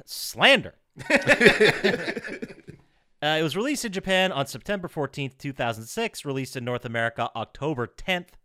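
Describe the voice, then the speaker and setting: Animated man hosting a podcast. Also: fairly high pitch, normal speed, long pauses, no echo, clean studio sound. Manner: animated, reads out trivia and leads segments. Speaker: podcast host. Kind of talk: casual podcast chat.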